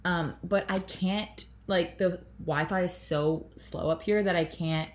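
A woman's voice: on the low side, steady tone, unhurried. A young woman from Toronto hosting a podcast in casual chat, out of breath and rambling with lots of fillers and apologies. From Canada, Toronto. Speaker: podcast host. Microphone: laptop built-in mic.

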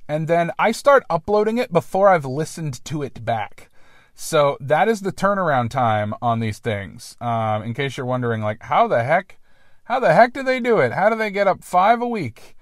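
A man's voice: fairly high pitch, sing-song, normal speed, dry recording, clean studio sound. A man hosting a solo podcast, rambling and self-deprecating with casual swearing, recording outdoors in a park. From Columbus, Ohio. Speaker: podcast host.

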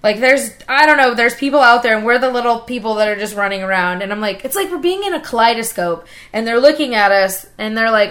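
Bright-voiced rambling woman storyteller. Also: fairly high pitch, expressive, fast talker, few pauses. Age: 40s. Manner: rambling storyteller, laughs often. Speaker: podcast co-host. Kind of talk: casual chat.

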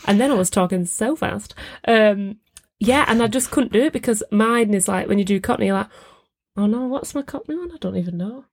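A woman's voice: mid-range voice, animated, brisk. A woman with a mid-range voice chats as a podcast co-host. She teases her partner and laughs easily, talking in a loose, chatty way. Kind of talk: casual chat.

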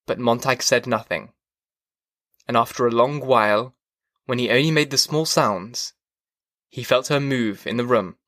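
Dry, measured male audiobook narrator. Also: mid-range voice, fairly bright tone, no room sound. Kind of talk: scripted narration.

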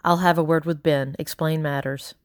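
A woman reading an audiobook, voicing a measured, disapproving male pastor. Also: deep voice, steady tone, dry recording, clean studio sound, lightly acted. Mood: detached. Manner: measured, prim, dismissive.

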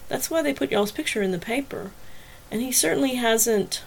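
A protective young daughter in a spoken novel, soft and earnest as she confides, voiced by a woman narrator. Her voice stays close to the narrator's own, only a touch quieter. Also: fairly high pitch, expressive, normal speed, vocal fry, low-quality recording. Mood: confiding.

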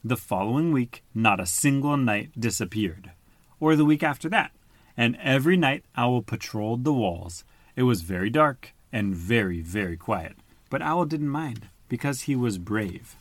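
A man's voice: medium pitch, unhurried, no room sound. A man reading a picture book aloud to a child, patiently stopping to explain words and ask questions. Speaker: storybook reader.

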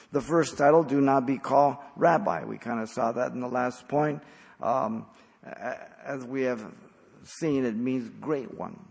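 Guy preaching a verse-by-verse sermon, blunt and punchy, long echo hanging in a big hall. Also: medium pitch. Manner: emphatic, blunt preaching with sudden loud emphasis. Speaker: pastor. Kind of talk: expository sermon.

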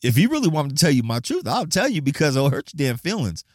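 A man from Flagstaff, Arizona, hosting a podcast with a blunt, profane, animated casual monologue, often breaking into laughs. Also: medium pitch, a little fast, no room sound, studio quality. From Flagstaff, Arizona, USA. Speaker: podcast host.

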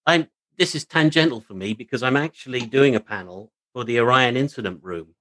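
A man's voice: mid-range voice, brisk, a bit bright, no room sound, poor audio. A man co-hosting a casual book chat, friendly and hesitant, with many ums and restarts. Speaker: podcast co-host.

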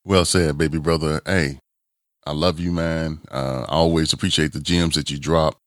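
A man hosting a podcast in a casual, drawn-out talking manner. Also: very deep voice, steady tone, no echo, studio quality. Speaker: podcast host.

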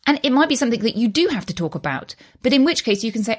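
A woman's voice: medium pitch, expressive, fast, few pauses. A woman in her thirties, speaking as a host in a solo motivational talk, earnest, reassuring and conversational.

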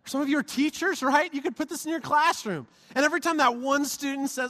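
A male pastor preaches with a high, bright-pitched voice, playful and animated as he calls out to his congregation for amens. His voice rings through a church sanctuary with a long, reverberant tail. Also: fairly quick, hardly any pauses. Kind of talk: sermon. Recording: reverberant hall.

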